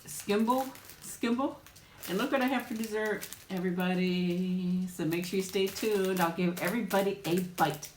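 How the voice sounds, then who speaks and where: Woman, mukbang livestream host, lowish voice, roomy echo, chatty. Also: fairly even intonation, normal speed, hardly any pauses, noisy background. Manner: chatty, warm greetings, frequent laughs and ums. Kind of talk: casual live chat greeting viewers.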